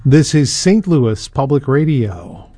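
A man's voice: mid-range voice, expressive, slow, over loud music. A man reading local radio station announcements and event promos in an upbeat manner.

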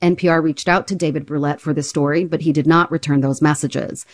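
A woman radio reporter delivering a news story in a clear, even reporting style. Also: low-pitched, brisk, no room sound, clean studio sound.

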